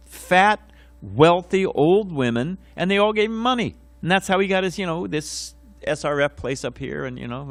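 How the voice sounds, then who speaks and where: A man's voice: medium pitch, no echo. An older man giving a casual morning class at a temple, telling anecdotes in a rambling way with many fillers and restarts. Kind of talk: informal temple lecture with anecdotes. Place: temple lecture hall.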